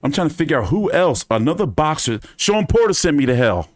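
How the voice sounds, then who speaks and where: This boxing channel host talks a touch fast in a fairly high voice, and the studio recording is clean and echo-free. His storytelling to viewers is loose and lively, full of cursing and laughter.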